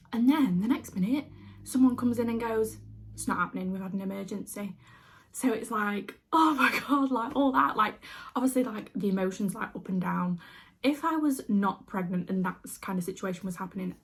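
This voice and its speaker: A young woman telling a personal story to camera in a chatty, casual way, full of filler words. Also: medium pitch. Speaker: beauty vlogger.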